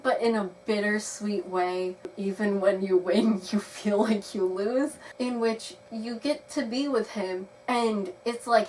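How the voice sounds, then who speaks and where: A young woman giving a chatty, rambling video review of a game, laughing now and then. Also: mid-range voice. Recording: slightly distant mic with faint noise.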